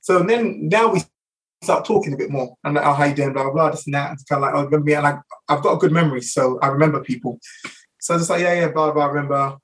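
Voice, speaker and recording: A man's voice: fairly high pitch, fairly bright tone, distant mic, low-quality recording. A middle-aged man with a London accent, a barber guest telling anecdotes in a casual interview, full of fillers and restarts. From England. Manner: rapid anecdotal, many fillers.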